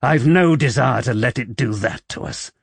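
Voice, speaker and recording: Casting: a brooding young nobleman, read by a male narrator, coaxing and intense, with a lively pitch. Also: moderate pace, vocal fry, breathy edge, no room sound.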